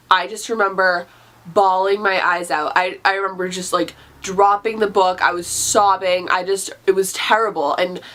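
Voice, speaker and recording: A woman's voice: fairly low pitch, fairly bright tone. A young woman chatting in a casual book review vlog, gushing and chatty, with many fillers and restarts. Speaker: booktuber.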